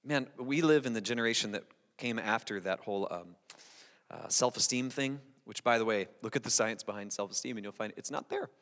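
A male pastor giving a conversational sermon, lively and talking straight to the congregation, often restarting and repeating words. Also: lowish voice, brisk. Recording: long reverb in a large hall.

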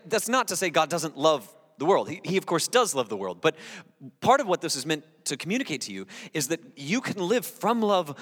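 A male pastor giving a conversational sermon, lively and talking straight to the congregation, often restarting and repeating words. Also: high-pitched. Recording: long reverb in a large hall.

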